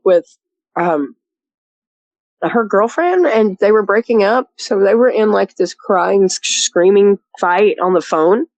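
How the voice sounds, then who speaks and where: A woman's voice: medium pitch, no echo, lo-fi sound. A woman telling her story as a guest in a rambling, chatty way, full of "you know" and laughs. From rural area. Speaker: guest recounting a sighting. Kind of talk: casual storytelling.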